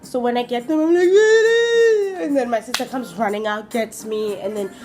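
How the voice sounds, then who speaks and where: A young Namibian woman with a Namibian accent, telling a storytime vlog in a casual, animated way and acting out what people said. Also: fairly high pitch, a little fast, soft background music. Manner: animated, switches between English and Afrikaans, acts out quotes. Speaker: vlogger.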